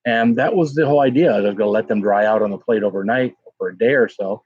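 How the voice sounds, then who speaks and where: Husky-voiced man chatting on a livestream. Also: fairly low pitch, fast talker, no room sound. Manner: rambling, greets chat viewers by name. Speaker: pepper-tasting livestream host. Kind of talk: casual live-stream chat. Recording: dull lo-fi sound.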